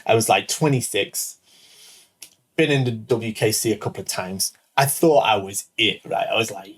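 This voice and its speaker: A man's voice: on the low side, moderate pace, slightly rough. A man in his thirties, a show host, telling a rambling personal anecdote full of "like" and "right?". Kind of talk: casual storytelling.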